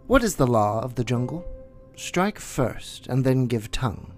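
A man voicing a wise, protective male black panther with a slow, deliberate, tender delivery in a storybook reading. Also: medium pitch, very animated, faint music behind. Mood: earnest.

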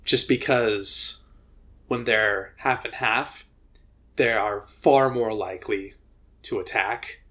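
A man's voice: lowish voice, slow pace, sharp tone. A man co-hosting a podcast, telling a story in casual chat, rambling with fillers and restarts. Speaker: podcast co-host.

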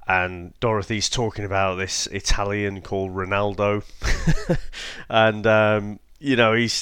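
A man co-hosting a podcast, casually chatting about an old film, laughing often and talking in a measured way with many fillers. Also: low-pitched, fairly bright tone, clear, resonant tone, dry recording. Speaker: podcast co-host. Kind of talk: casual film review chat.

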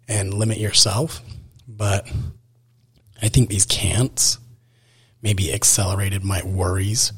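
Casting: young male podcast host, slightly low husky voice, loose self-deprecating solo chat. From Utah. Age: 20s. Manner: self-deprecating, rambling with many fillers. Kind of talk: casual solo podcast talk. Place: indoors at night.

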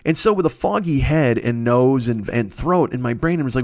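A man's voice: medium pitch, expressive, fairly quick, dry recording, clean studio sound. A man hosting a podcast, in a rambling, profane comedic monologue that trips over itself and keeps swearing. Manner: rambling, self-interrupting, swears constantly. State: recovering from a cold. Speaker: podcast host.

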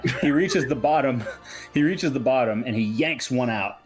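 Male game master, relaxed and rambling in his narration, with soft music underneath. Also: mid-range voice, moderate pace. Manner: casual, rambling narration with fillers.

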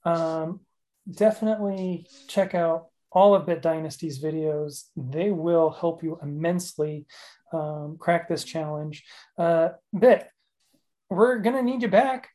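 A man's voice: on the high side, slow pace, mellow. A man hosting a podcast, talking casually in a rambling, self-mocking way and laughing often. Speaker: podcast host. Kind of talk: casual chat.

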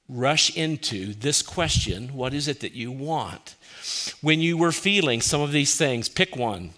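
Male pastor delivering a sermon; bright, forward tone, mid pitch, heavy use of rhetorical questions and hushed quotes. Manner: asks many rhetorical questions, drops soft and quiet for quoted lines.

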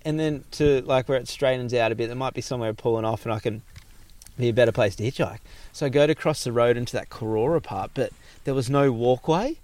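A man's voice: medium pitch, fast talker. A man in his thirties with an Australian accent, telling a rambling travel story in casual chat, swearing freely and acting out what people said. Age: 30s. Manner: animated, swears freely, acts out quoted voices.

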